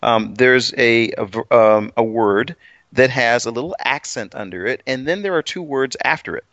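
A man's voice: medium pitch, moderate pace, a bit bright, no echo. Man, eager, self-deprecating, casual bible study co-host, dry close sound, dull lo-fi audio.

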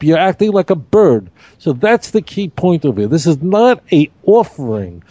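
A man teaching a Torah study class in an animated, emphatic way, repeating key points and asking rhetorical questions. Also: fairly high pitch, normal speed, no room sound.

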